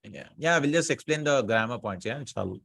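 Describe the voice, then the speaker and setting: A man's voice: medium pitch, animated, vocal fry, a bit bright, husky, dry recording. Man teaching grammar, dry close sound. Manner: explains slowly in mixed Arabic and English, asks students checking questions. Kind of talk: casual classroom grammar lesson.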